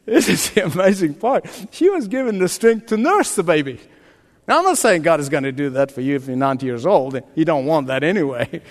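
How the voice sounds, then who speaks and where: Older man, pastor, high voice, emphatic preaching, call-and-response, long hall reverb. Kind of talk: sermon.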